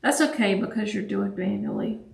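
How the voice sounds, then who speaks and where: A woman's voice: medium pitch, fairly even intonation, moderate pace, creaky, a little mellow, reverberant. Supportive woman adding quilting tips. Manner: brief supportive comments and practical tips. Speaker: co-host. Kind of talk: live craft tutorial.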